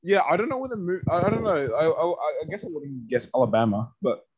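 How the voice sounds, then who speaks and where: A man with a slightly high voice wanders through his thoughts on a movie, stopping and restarting as he goes. The sound is dry and close, with no room echo. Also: big pitch swings, quick pace, slightly rough, lo-fi sound. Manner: rambling, hesitant, many fillers and restarts. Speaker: podcast co-host. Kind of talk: casual movie chat.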